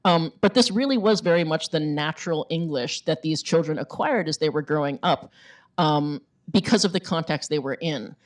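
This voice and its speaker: Woman author speaking at a bookstore event, deep voice, casual and repetitive phrasing. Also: normal speed. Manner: chatty, many fillers, emphatic repetition. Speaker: author at a book talk. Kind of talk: public talk with audience Q&A.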